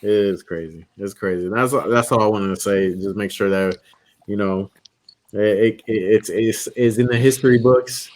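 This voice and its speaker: A man's voice: lowish voice, normal speed, a little mellow, slight background noise. A man co-hosting a casual podcast, talking loosely and repeating his words as he goes. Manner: rambling, repeats himself. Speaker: podcast co-host. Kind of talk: casual chat.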